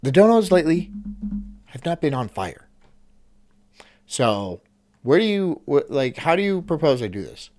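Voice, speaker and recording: A man's voice: on the high side, big pitch swings, unhurried, long pauses, darkish tone. A man hosting a stream, reacting casually with rambling, swearing asides. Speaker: streamer host.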